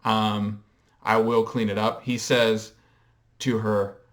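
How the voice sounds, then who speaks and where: A man's voice: lowish voice, flat delivery, fairly bright tone. Hesitant man musing on camera. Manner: reflective, hesitant, frequent ums; explains and coins terms in a measured way. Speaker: pop culture vlogger. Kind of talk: casual commentary.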